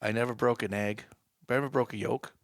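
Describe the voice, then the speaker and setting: Gravelly man telling a hunting story. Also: mid-range voice, a little fast, dry recording, clean studio sound. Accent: New England. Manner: animated hunting story, builds excitement. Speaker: guest, wildlife department staff. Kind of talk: storytelling in a podcast interview.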